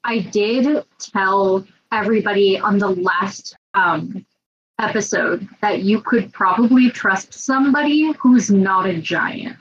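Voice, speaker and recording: A woman's voice: medium pitch, slow. A woman playing in a tabletop game, joking and often repeating her lines. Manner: playful, repeats herself. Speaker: player. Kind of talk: casual tabletop game chat. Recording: dull lo-fi line with faint hiss.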